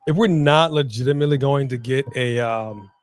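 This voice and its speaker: A man's voice: mid-range voice, normal speed. A man co-hosting a live wrestling watch-along, reacting with playful trash talk.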